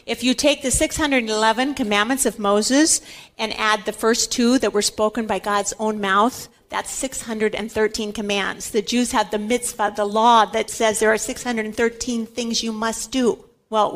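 A woman with a high voice teaches scripture in an emphatic talk. She stresses her points by repeating key words over and over, like a Catholic Bible teacher. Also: steady tone, moderate pace.

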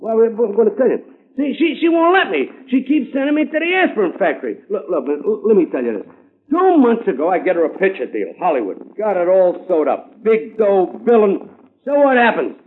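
A man's voice: sits high, big pitch swings, a little fast. An actor playing a pushy, slangy male talent agent in a 1950s radio drama. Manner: brash slangy New York patter. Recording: tinny old radio broadcast.

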